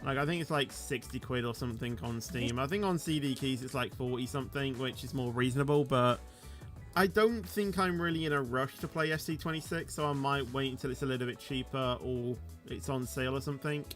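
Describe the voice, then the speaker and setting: A man's voice: medium pitch, steady tone, a little fast, soft background music. A man chatting casually on a game livestream, rambling and peppering his sentences with "you know", his voice rising at the end of sentences. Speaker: game streamer.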